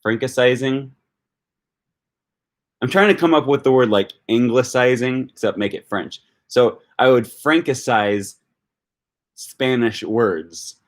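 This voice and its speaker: A man's voice: medium pitch, unhurried. A man hosting a casual livestream about language learning, thinking aloud with many ums and answering viewer comments. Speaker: language-learning YouTuber hosting a live discussion.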